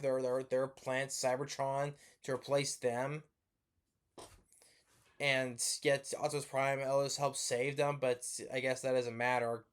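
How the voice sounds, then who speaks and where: A man giving a rambling, profane movie review rant, sleepy and yawning as he talks, with lots of restarts. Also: medium pitch.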